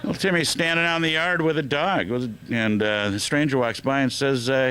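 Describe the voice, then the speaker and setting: A man's voice: medium pitch, normal speed, sharp tone, smooth. A man hosting a radio show, telling joke after joke in a loose, joking way with lots of fillers. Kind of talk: telling jokes on air.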